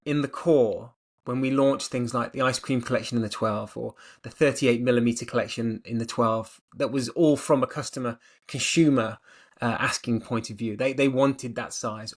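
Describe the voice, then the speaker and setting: A middle-aged man talking with eager, rambling energy in a relaxed interview. His voice sits in an ordinary middle pitch, and his answers pile up in long, excited runs. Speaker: watch brand director.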